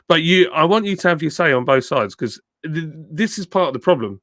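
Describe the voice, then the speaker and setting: A middle-aged man from the south of England, his southern English accent softened by years in the north, chatting casually on a live stream and reading out viewer comments. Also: a little high, expressive, normal speed, dry recording, studio quality. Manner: chatty, thanking viewers by name, frequent ums and uhs. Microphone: phone with a plug-in mic.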